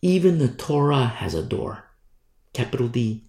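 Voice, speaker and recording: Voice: mid-range voice, very animated, moderate pace, vocal fry, dark tone, roomy sound. A preacher teaching a Bible study sermon in an emphatic, repetitive way, raising the voice to stress points.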